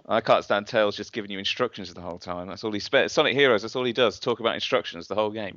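A man's voice: fairly low pitch, quick pace, a bit bright, no room sound. A man co-hosting a podcast, chatty and opinionated with a lot of hedging. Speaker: podcast co-host. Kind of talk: casual chat. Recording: dull, slightly lo-fi dry sound.

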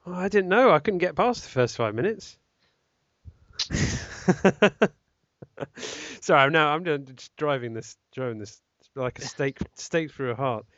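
A man's voice: on the high side, animated, normal speed, a bit bright, no echo, muffled recording. A man hosting a casual podcast, rambling and joking with a co-host. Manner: rambling, jokey, laughs often.

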